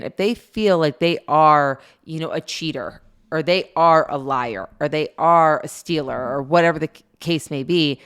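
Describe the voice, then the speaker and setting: A woman's voice: sits low, clean tone. A woman co-hosting a parenting podcast, telling a family story in a casual, chatty way, often laughing and acting out what people said.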